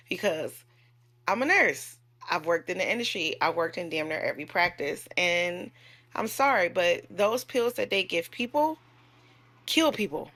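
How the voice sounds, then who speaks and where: A woman's voice: lowish voice, animated, moderate pace, bright, forceful tone. A woman who works as a nurse, telling a story to her camera in a candid, chatty way and cursing freely. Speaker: nurse and vlogger.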